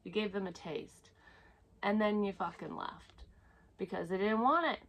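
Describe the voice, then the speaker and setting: A woman's voice: mid-range voice, a little slow, fairly bright tone, poor audio. A woman giving a psychic reading to her viewers in a casual, rambling flow, candid and full of swearing. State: close to tears at times. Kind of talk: casual intuitive reading to camera.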